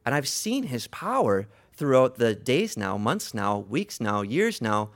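Gravelly, animated male preacher. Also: medium pitch, normal speed. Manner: dramatic storytelling, swings from hushed to loud. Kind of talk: sermon.

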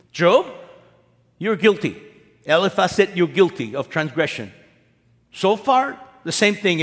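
A male pastor with a high voice preaches a sermon, speaking in an easy, conversational way. He keeps asking his listeners rhetorical questions. His voice rings with the long reverb of a large hall. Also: fairly bright tone.

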